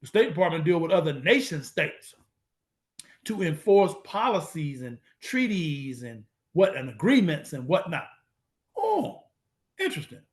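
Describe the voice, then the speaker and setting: A man giving an emphatic lecture, repeating phrases for emphasis, with a casual, slangy, drawn-out delivery. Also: sits high. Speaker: speaker presenting to an online audience. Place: at a computer, sharing his screen.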